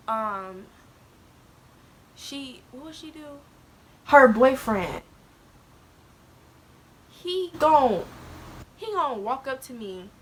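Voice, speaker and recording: Animated high-voiced young woman vlogger. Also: a little hiss or hum. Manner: animated, laughing often, swings into near-crying. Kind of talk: casual storytelling to viewers.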